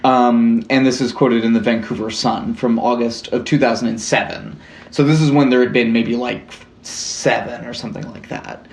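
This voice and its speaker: Young male podcast co-host, mid pitch, rambly casual storyteller, roomy sound. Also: fairly even intonation, moderate pace, creaky. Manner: rambling, lots of "like" and restarts, swears casually. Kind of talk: casual chat, true-crime storytelling.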